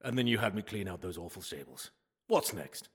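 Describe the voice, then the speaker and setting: A man's voice: sits low, animated, a little fast, breathy edge, voice pushed down. A man voicing a weary Greek hero with a wry, grumbling manner in a comedy audio sketch.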